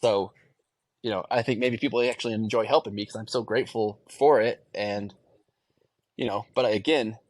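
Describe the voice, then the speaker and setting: A man's voice: on the low side, steady tone, normal speed, no echo. Man, thirties, interview guest, candid, reflective, stumbles and restarts, dry close sound. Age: 30s. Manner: earnest, reflective, restarts phrases often.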